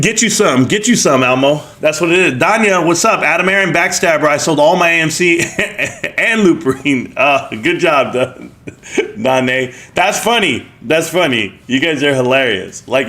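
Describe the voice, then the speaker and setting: A man with a slightly higher voice hosts a live stream and chats casually with his viewers. He reads their comments aloud in joking banter and laughs often. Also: a bit bright.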